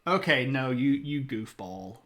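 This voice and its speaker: A man's voice: medium pitch, lively intonation, a little slow, fairly bright tone. A man streaming live, chatting casually with viewers in a playful, self-mocking way. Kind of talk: casual chat reading viewer comments.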